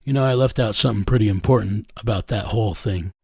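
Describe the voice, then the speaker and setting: A middle-aged man telling a personal story in an interview, slow, earnest and plain-spoken. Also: on the low side, creaky, warm tone, slightly rough, no echo, studio quality. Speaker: interview guest. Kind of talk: reflective storytelling.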